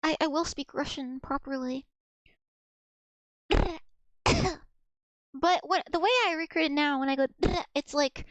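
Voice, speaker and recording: A woman's voice: high-pitched, a little slow, no echo. A young woman streaming casually, giggling and repeating practice words over and over as she learns to pronounce them.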